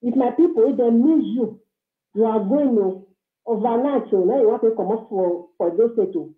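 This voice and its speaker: A woman's voice: on the high side, moderate pace. A woman speaking Nigerian Pidgin English, calling in to rant angrily and hurl insults at someone. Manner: scolding, insulting, heated. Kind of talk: angry phone-in rant. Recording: tinny echoey phone line.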